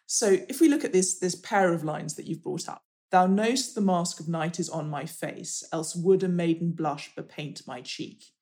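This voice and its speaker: A woman with a fairly low voice hosts a conversation. She asks curious questions and prompts her guest. She reads out example lines as she goes. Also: moderate pace, few pauses, a little mellow. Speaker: host. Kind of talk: interviewing conversation.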